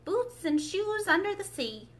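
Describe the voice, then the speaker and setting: A woman voicing the Gryphon in a storybook read-aloud, brisk, solemn and impatient. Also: very high-pitched, very animated, pitched above the performer's own voice, exaggerated voice.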